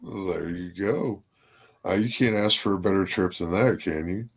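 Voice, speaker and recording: A man's voice: sits low, moderate pace, creaky. A man hosting a podcast, chatting in a laid-back, jokey way. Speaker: podcast host. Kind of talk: casual chat.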